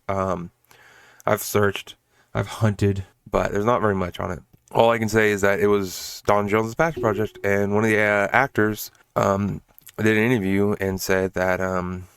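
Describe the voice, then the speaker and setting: A man's voice: on the low side, clean tone, no room sound. A man hosting a podcast, casually recapping and reviewing a film in an exasperated way, swearing for emphasis and often restarting his sentences. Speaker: podcast host reviewing films.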